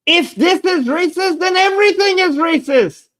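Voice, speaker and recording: A man's voice: extremely high pitch, normal speed, a bit bright. A man giving a heated, sarcastic political rant to his viewers, repeating points and raising his voice. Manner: agitated, sarcastic, repeats himself. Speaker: political commentator. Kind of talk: ranting reaction commentary.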